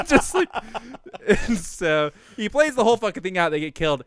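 Male co-host, chatty story-teller, lots of cursing, somewhat high, clear dry voice. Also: fairly quick, no room sound. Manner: animated, swearing, laughing through the story. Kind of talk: casual storytelling chat.

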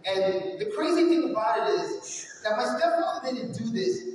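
Motivational keynote speaker, man from New York, high voice, energetic storyteller, recorded far off in a long-reverb hall. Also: moderate pace. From New York, USA. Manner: energetic storytelling, direct address to the audience. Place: large hall with stage. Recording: echoey hall, far from mic, faint noise.

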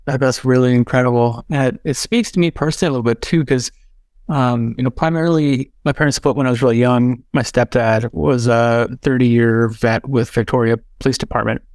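A man's voice: mid-range voice, steady tone, fairly quick, a little mellow, no echo, studio quality. A man hosting a podcast, chatting casually in a rambling way full of fillers and restarts. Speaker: podcast host. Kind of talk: casual interview chat.

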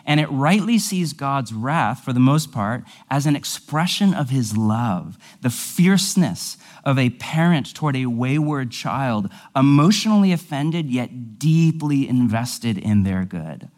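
A man's voice: medium pitch, lively intonation, measured pace, few pauses, darkish tone. Man teaching a conversational sermon. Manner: conversational, explanatory, with asides. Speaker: pastor.

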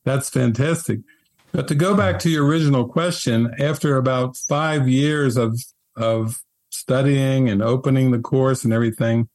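A middle-aged man speaks gently and articulately as a spiritual teacher telling his story in an interview. His voice sits at an ordinary middle pitch. The recording is dry and close, with no room sound. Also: dry recording.

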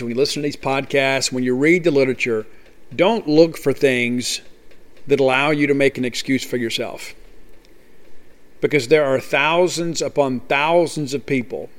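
A man hosting a podcast, talking earnestly and conversationally about his recovery with frequent fillers. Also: medium pitch. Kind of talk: personal recovery talk.

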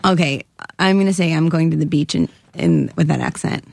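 A woman in her thirties, guest-hosting a casual chat, playful and quick to laugh as she tries out comic accents. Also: sits low, wildly swooping pitch, creaky, darkish tone, dry recording, studio quality. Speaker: guest host.

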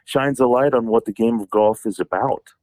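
A man's voice: medium pitch, moderate pace, a little mellow, no room sound. A man co-hosting a golf radio show, telling rambling, enthusiastic stories in casual chat.

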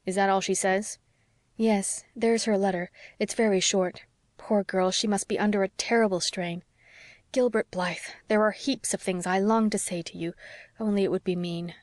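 A woman reading the part of an excitable young wife, eager and breathless. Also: moderate pace, no room sound, clean studio sound, close to an everyday voice. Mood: excited. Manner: breathless, excited, rising pitch.

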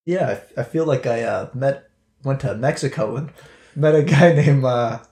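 A man's voice: mid-range voice, moderate pace, dark tone, reverberant. A man playing a tabletop game, goofy and often laughing. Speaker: player.

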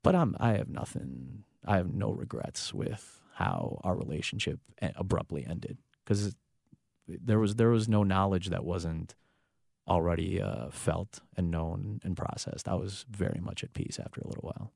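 A man speaking earnestly as an interview guest, halting and restarting as he reflects. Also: low-pitched, vocal fry, a little mellow, no room sound, studio quality.

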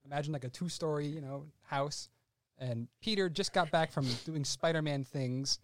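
A man on a podcast casually describing a film scene, unhurried, hedging and correcting himself. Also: fairly high pitch, no echo. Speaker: podcast co-host.

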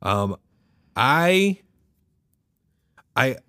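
A man's voice: mid-range voice, very animated, extremely slow, sharp tone, smooth, no room sound. A man co-hosting a casual podcast, rambling and laughing as he retells a comedy sketch in quoted voices. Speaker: podcast co-host. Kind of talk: casual chat.

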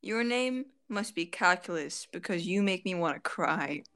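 A woman co-hosting a casual podcast, giggly, self-deprecating and quick to react. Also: on the low side, expressive, fairly bright tone. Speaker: podcast co-host.

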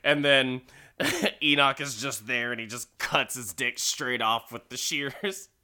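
A man's voice: mid-range voice, sing-song, pushed and bright, clear, resonant tone. A man casually recapping a story, swearing freely and laughing at it. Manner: laughs often, swears, slow and wry.

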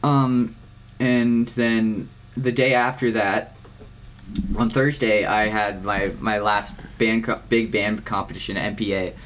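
A teenage boy co-hosting a podcast, rambling through his week in casual chat, swearing often and filling pauses with "um" and "like.". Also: fairly low pitch, level tone, a bit bright. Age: teens. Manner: rambling, swears a lot, many fillers. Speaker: podcast co-host.

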